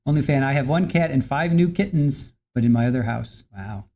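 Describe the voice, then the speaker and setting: A livestream host in casual chat, reading out viewer comments in a relaxed, chatty way with the odd chuckle. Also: mid-range voice, a little fast.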